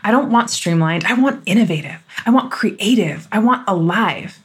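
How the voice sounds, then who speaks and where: A woman in her thirties hosting her own podcast. She talks straight to the listener in an emphatic, fired-up way, candid and a little loud at times. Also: mid-range voice, lively intonation, normal speed, slightly rough. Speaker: podcast host. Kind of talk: solo podcast monologue.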